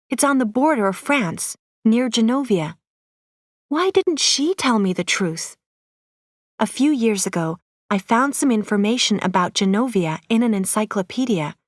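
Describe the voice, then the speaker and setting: Clear, steady woman reading a story. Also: medium pitch, no echo, clean studio sound. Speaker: audiobook reader. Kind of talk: graded-reader story narration.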